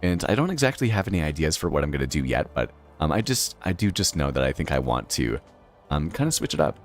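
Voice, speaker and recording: This Boston, Massachusetts native has an extremely low, sing-song voice and speaks quickly over soft background music. He chats casually in his Boston accent on a game live stream, rambling with many fillers and frequent laughter.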